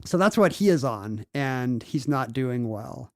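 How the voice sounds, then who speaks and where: A man's voice: medium pitch, lively intonation, a little slow, no echo, studio quality. A man co-hosting a podcast, joking and laughing often as he playfully retells history in casual chat. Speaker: podcast co-host.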